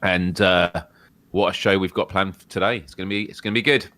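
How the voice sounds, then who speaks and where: A British man with a fairly low voice, co-hosting a gaming podcast in easygoing live banter. His jokes come out dry and wry. The recording is close and dry, with no room echo. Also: steady tone, brisk, sharp tone. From United Kingdom. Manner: wry, chatty, dry humor. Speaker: podcast co-host. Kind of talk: casual live-stream banter.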